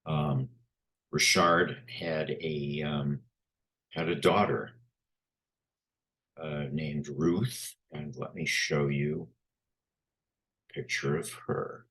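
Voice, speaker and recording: A man presents a talk with pictures in a very low, deep voice. He speaks slowly and deliberately, often pausing on ums and uhs as he gathers his thoughts. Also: a bit bright. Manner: unhurried, frequent filler sounds.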